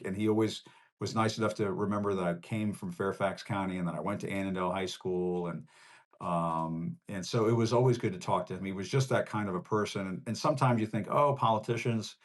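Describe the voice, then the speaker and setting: A man from Northern Virginia hosting a live show, signing off in a conversational, rambling, personal way. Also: on the low side. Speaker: host. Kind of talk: casual livestream sign-off.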